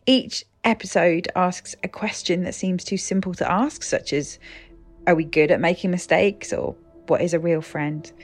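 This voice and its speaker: A woman who hosts a podcast, speaking as a poet and theatre maker in measured spoken-word narration that lingers on words and drops softly in volume. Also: lowish voice, soft background music.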